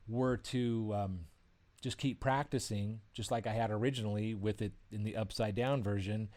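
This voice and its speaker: A man with a fairly low voice tells a personal story in a loose, rambling way. He sounds amused at himself as an author chatting casually about his book. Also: fairly even intonation, moderate pace, darkish tone.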